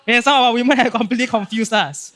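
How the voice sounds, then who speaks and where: An extremely high-pitched male pastor with a Singaporean English accent races through a casual, animated sermon. Acting out biblical scenes, he talks in a filler-heavy style and keeps checking in with "right?" and "okay?".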